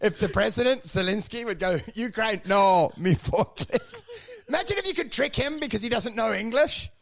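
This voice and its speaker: A man's voice: very high-pitched, animated, quick pace, vocal fry, a bit bright. A man co-hosting a comedy podcast, swearing freely and riffing in mock voices. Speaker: podcast co-host. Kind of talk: casual comedic chat.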